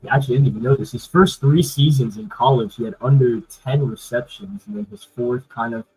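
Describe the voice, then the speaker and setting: A man's voice: medium pitch, expressive, a little fast, darkish tone, breathy edge, faint music behind, rough recording. A man hosting a casual sports talk show, loose and rambling with many fillers. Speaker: podcast host.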